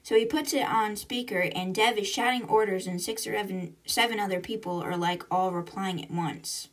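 A woman's voice: mid-range voice, fairly even intonation, moderate pace, recorded from a distance. A young woman hosting a podcast, retelling a novel chapter by chapter in a chatty way with side comments. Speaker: podcast host. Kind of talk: casual book recap.

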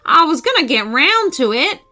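A woman's voice: sits high, big pitch swings, moderate pace, pushed and bright, voice pushed up, heavily acted. A woman voicing a flustered, stammering old man who pleads and frets, for a children's storybook. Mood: worried.

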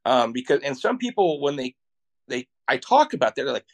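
Animated man telling travel stories. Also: mid-range voice, a little fast. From Iowa, USA. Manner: animated, excitable storyteller who laughs often. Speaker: podcast guest, Iowa travel show creator. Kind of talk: casual interview storytelling.

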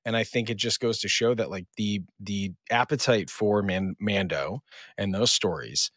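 A man co-hosting a podcast, excitable and slangy, stumbling over words. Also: fairly low pitch, moderate pace, dry recording, studio quality. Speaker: podcast co-host. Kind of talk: casual chat.

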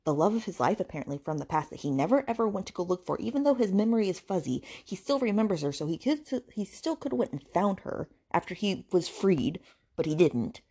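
Woman, warm tone, low-pitched, exasperated, sarcastic, swearing, book rant. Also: sing-song, brisk, breathy edge. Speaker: podcast host reviewing books. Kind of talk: ranting book review.

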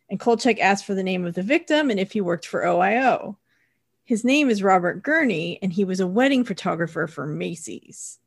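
A woman's voice: mid-range voice, gravelly. A woman co-hosting a podcast, chatting casually and recapping a TV episode. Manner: relaxed, chatty, with filler words. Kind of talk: casual chat.

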